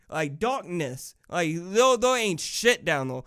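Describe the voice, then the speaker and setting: A man's voice: sits high, sing-song, slow pace, few pauses, a bit bright. A young man vlogger ranting casually, profane and rambling with lots of fillers. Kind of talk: casual rant.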